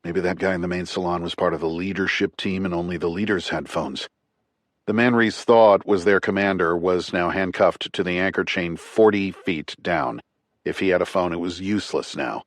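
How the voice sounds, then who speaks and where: A man narrating a thriller audiobook in a tight, clipped, measured way. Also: sits low, no echo, studio quality.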